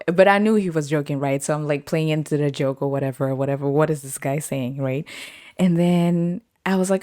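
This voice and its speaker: A young woman chats through stories from her week on her own podcast. Her voice sits a little low, and she laughs often and acts out what other people said. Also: a little fast, mellow. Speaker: podcast host. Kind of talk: casual storytelling.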